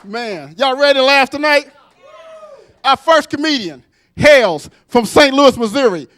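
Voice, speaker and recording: Comedy show host dude, super high voice, quick joke then intro. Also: male voice, expressive, fairly bright tone. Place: comedy club stage.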